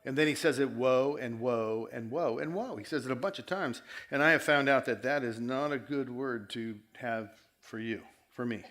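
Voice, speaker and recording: A man preaching a conversational sermon, repeating himself, his loudness rising and dropping. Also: mid-range voice, moderate pace, few pauses. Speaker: pastor.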